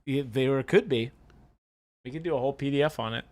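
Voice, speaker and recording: A man's voice: mid-range voice, fairly quick. A man co-hosting a live painting stream, reading chat messages aloud in playful, goofy chat. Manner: playful, goofy, breaks into silly voices.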